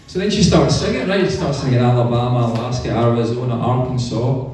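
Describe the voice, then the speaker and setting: Scottish comedian in an echoey pub. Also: male voice, mid-range voice, quick pace, hardly any pauses, darkish tone, far from the mic, a little hiss or hum. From Scotland. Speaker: stand-up comedian. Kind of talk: stand-up comedy set. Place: hotel pub stage.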